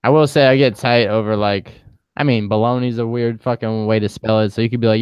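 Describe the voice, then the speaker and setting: Playful joking man, smooth voice. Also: medium pitch, fairly even intonation, brisk, dry recording, muffled recording. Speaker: podcast co-host. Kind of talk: casual chat.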